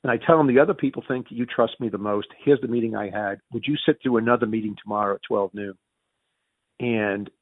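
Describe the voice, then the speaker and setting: A man with a Northern US Yankee accent telling stories as an interview guest, acting out quoted dialogue with big pitch jumps and often restarting his words. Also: brisk, dry recording. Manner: frequent restarts and repeated words. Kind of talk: storytelling in a conversational interview. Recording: tinny phone-like dry audio.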